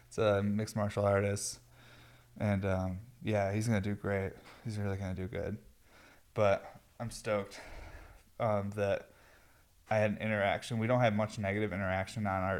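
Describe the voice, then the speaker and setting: A man's voice: lowish voice, darkish tone. A stoned man hosting a podcast from his garage, rambling in a laid-back way and swearing freely. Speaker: podcast host. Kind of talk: casual rambling chat. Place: home garage.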